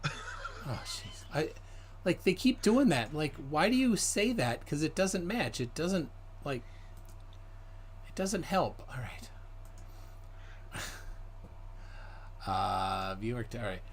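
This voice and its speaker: Slow-talking man with a very lively pitch. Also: slight background noise. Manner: laughing, reads viewer comments aloud. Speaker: livestream host. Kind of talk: casual live commentary.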